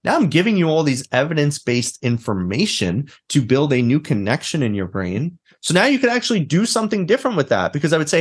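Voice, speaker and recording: A man's voice: a little high, very animated, quick pace, hardly any pauses, husky. A man talking bluntly and animatedly as a guest in a casual interview, swearing freely. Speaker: guest, therapist and mindset coach.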